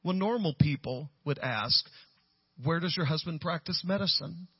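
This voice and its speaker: A man, telling stories from the pulpit and rising to loud, high-pitched peaks. His voice sits a little high for a man and sounds husky and dry. The recording is dull and muffled. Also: moderate pace, dry recording. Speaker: guest pastor. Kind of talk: storytelling sermon.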